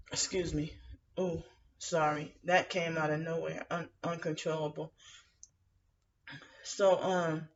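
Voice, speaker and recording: A woman's voice: low-pitched, animated, takes it slowly, pauses often, a little hiss or hum. A woman venting in a rambling, aggrieved monologue, full of fillers and restarts. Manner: aggrieved, indignant. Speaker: vlogger. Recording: muffled lo-fi audio from some distance to the mic.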